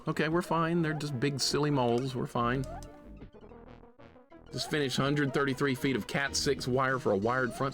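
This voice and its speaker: A man live-streaming a retro game, excitable and jokingly grumpy as he rants at his chat. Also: medium pitch. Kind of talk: casual live-stream commentary.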